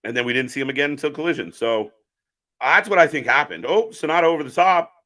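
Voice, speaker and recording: A man's voice: fairly high pitch, lively intonation, fast talker, bright, forceful tone. A man hosting a live stream, chatting casually as he calls the action and answers viewer chat. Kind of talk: casual live wrestling watch-along commentary.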